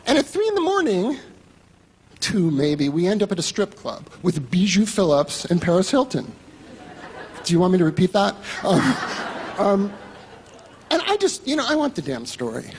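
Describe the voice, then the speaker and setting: A man's voice: high-pitched, very animated, moderate pace, long pauses, a little mellow, in a large hall, slight background noise. A man telling a story on stage to an audience, in a wry, profane, self-mocking way.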